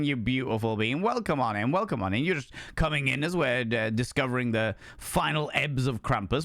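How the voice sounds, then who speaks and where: A young streamer host chats casually with his live viewers in a playful, theatrical manner, swinging between musing and flamboyant greetings. His medium, fairly bright voice is animated and fast with hardly any pauses, recorded in studio quality with no echo.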